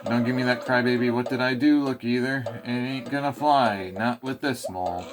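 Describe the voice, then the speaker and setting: A man doing a gruff scolding mole. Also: mid-range voice, fairly even intonation, normal speed, lightly acted. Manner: scolding, blustery, slangy. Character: gruff angry male mole scolding the player. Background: game music.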